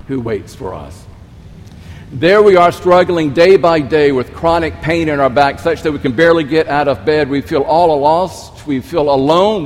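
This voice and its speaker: Emphatic male preacher in a reverberant hall. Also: mid-range voice. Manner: emphatic, repeats key phrases, swings loud and soft. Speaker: pastor. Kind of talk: sermon. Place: church sanctuary. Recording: long reverb of a large hall.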